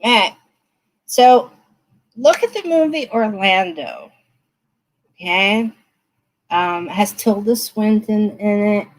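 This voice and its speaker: A woman reads tarot cards live for her viewers in a loose, chatty way, talking to them directly. Her delivery is slow and unhurried, and her pitch sits in the middle for a woman. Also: lively intonation, poor audio. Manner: chatty, laughing, speaks straight to viewers. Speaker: tarot reader. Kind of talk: live-stream tarot reading.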